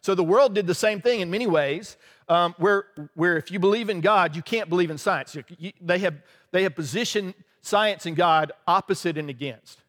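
High-voiced preacher in a reverberant hall. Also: male voice, normal speed, fairly bright tone. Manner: conversational, laughing asides, frequent "right?". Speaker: pastor. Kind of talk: sermon.

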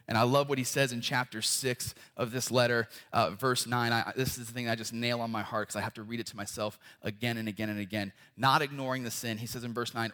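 A young man preaching a sermon as a guest speaker, swinging between loud, emphatic pleas and quiet, intimate lines. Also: mid-range voice, fast, hardly any pauses.

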